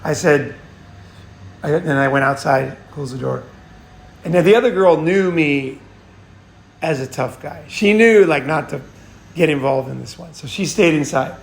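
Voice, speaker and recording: A man's voice: fairly high pitch, a little slow, creaky, long pauses, roomy sound. A man hosting a casual advice monologue, blunt and profane, often restarting and repeating himself. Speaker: host.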